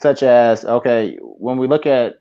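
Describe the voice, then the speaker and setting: A man calling in to a talk show while on the move, speaking haltingly with many fillers and restarts. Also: mid-range voice, dark tone, clean tone, highs cut off. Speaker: caller. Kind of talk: casual call-in talk.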